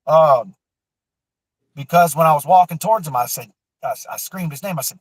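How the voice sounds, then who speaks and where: A man's voice: fairly high pitch, normal speed, pauses often, no echo, rough recording. A man tells a long personal story in a casual, rambling way. He swears freely and circles back through fillers and restarts. The recording is close and dry, with no room sound. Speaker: guest telling a personal story.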